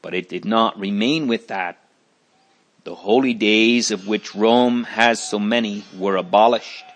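A man reading a church history story aloud in a measured storytelling manner. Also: fairly low pitch. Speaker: narrator. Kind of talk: scripted narration of church history.

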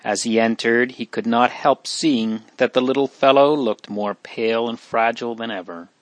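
A man reading a classic children's novel aloud in a measured, gentle storytelling manner. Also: medium pitch, dry recording. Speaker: narrator.

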